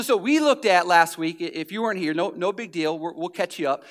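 A man's voice: sits high, fairly quick, few pauses. A pastor preaching a conversational sermon, repeating phrases for emphasis and often restarting his sentences.

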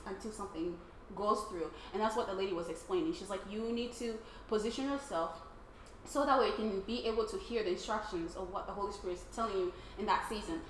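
A woman sharing a personal faith testimony with a small group in a casual, excitable way, often laughing and acting out her own thoughts. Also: medium pitch. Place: room with other people, casual group. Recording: roomy, faint background noise.

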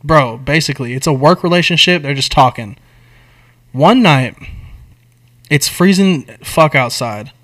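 A man's voice: on the high side, a little slow, pauses often. Young male podcast co-host, casual and crude, telling a story with big swings in energy. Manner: animated, profane storytelling with slang. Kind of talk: casual chat, retelling a movie plot.

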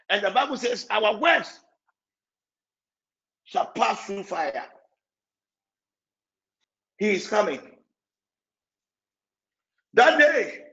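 A man preaching an evening sermon in an emotional, repetitive way, with sudden shouts. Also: high-pitched, vocal fry, lo-fi sound.

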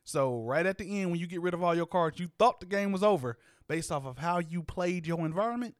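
A man's voice: sits high, fairly quick, no room sound, clean studio sound. A man co-hosting a casual chat, playful and slangy, laughing often. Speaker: podcast co-host.

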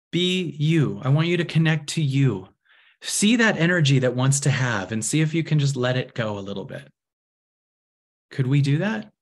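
A middle-aged man giving a guided reflection talk, speaking softly and slowly, with long pauses. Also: mid-range voice. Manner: soft, slow and intimate, with long pauses. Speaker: spiritual teacher answering a viewer question.

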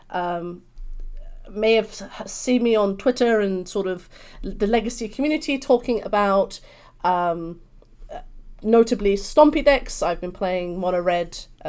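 A young woman from London with a British accent, a guest chatting in an interview, bubbly and expressive. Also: medium pitch, moderate pace, clean tone. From London, England. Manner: bubbly, expressive, swings into animated voices. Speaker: podcast guest. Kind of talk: casual interview chat.

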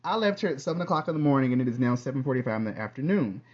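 A man hosting his own podcast in a casual, rambling monologue, with lively bursts and quiet trailing asides. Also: mid-range voice, racing, highs cut off. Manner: chatty, loose, drifts between topics. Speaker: podcast host.

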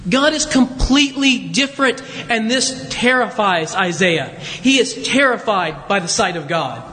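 Brief: male pastor, very high voice, chatty self-deprecating sermon, long church reverb. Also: expressive, unhurried, bright, forceful tone, slight background noise. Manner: conversational, self-deprecating, with many restarts. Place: church sanctuary.

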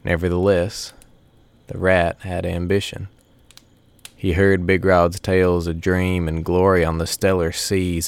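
A man narrating a first-person story in a folksy, unhurried way. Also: low-pitched, vocal fry, clean tone, dry recording.

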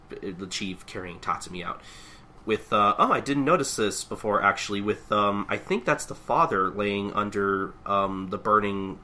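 A man with a low-pitched voice and a very bright, forceful tone, chatting casually as a podcast co-host. He recaps a manga chapter and jumps into quick voices for the characters. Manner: animated, acts out characters' lines in quick voices.

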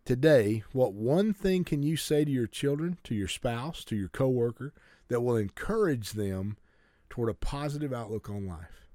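A man's voice: mid-range voice, expressive, normal speed, warm tone, no room sound, clean studio sound. A man preaching a sermon to a congregation, urging them earnestly and often stumbling and restarting his sentences. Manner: earnest exhortation with stammered restarts.

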